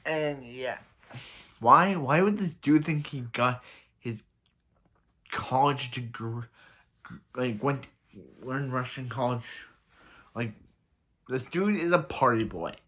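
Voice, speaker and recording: A man talking through a show's plot in a loose, rambling way, full of "like" and "so yeah" and quick restarts. His voice sits at an ordinary middle pitch, neither high nor low. The delivery is casual, as if chatting to viewers. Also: animated, fairly bright tone, slightly rough. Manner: rambling, many fillers and restarts; laughs at own jokes. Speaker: show reviewer. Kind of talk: casual recap and review.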